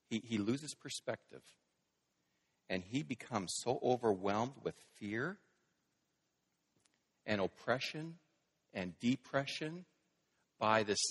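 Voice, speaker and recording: A man's voice: on the low side, husky. Preaching man in an echoing hall. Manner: dramatic, swings from hushed to loud when reading scripture. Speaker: pastor. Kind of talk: sermon. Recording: long reverb of a large hall.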